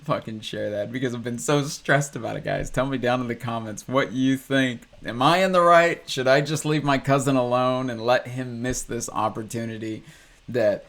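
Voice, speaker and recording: A man talks straight to his audience in a rambling, profane rant, laughing between thoughts. His mid-range voice has a gravelly, fry-laden texture throughout. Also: mid-range voice, normal speed, fairly bright tone. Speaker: ex-Christian reaction host. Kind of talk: casual ranting commentary.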